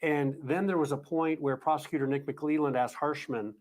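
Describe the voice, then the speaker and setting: A man with a fairly high-pitched voice tells trial news in a measured, deliberate way. He slows down and pauses with fillers while he weighs his words. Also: steady tone, darkish tone. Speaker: news reporter recounting a trial. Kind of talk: measured news narration, reading quoted calls.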